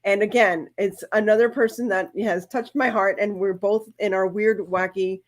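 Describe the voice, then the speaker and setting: A woman hosting a live-stream from her craft channel, talking casually and at length. She rambles warmly from one plan to the next, with heartfelt moments. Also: mid-range voice, steady tone, moderate pace. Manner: chatty, rambling, emotional.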